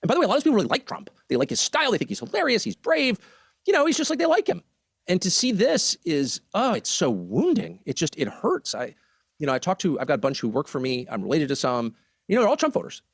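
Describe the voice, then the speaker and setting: A man's voice: high voice, huge pitch swings, quick pace, creaky, husky, no echo, clean studio sound. An American man speaking as an interview guest, emphatic and heartfelt, pressing his point with conviction. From United States. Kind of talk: political interview.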